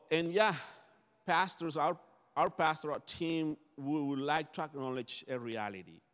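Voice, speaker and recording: A man whose first language is Spanish, preaching a conversational sermon as pastor, often restarting his phrases. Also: a little high. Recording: long hall reverb.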